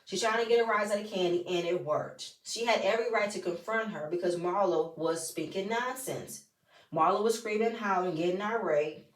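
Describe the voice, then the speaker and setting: A woman's voice: mid-range voice, moderate pace. Woman reality-TV reviewer, blunt and salty, mic set back in a roomy space. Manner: blunt, profane, sassy asides. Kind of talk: casual TV recap commentary. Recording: roomy, voice from a distance.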